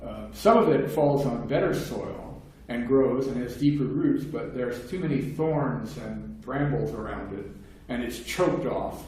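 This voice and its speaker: Speaking in an unhurried, slightly mellow mid-range voice with few pauses, a man lectures on philosophy in a relaxed academic style. He explains things at length, tossing in wry, offhand remarks. Faint noise and heavy room echo come through a distant mic.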